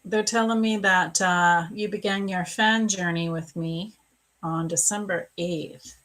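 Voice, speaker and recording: A middle-aged woman speaks slowly in a lowish, soft voice, giving a live psychic reading to viewers. Her delivery is earnest and emotional, unhurried and gentle. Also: steady tone, rough recording.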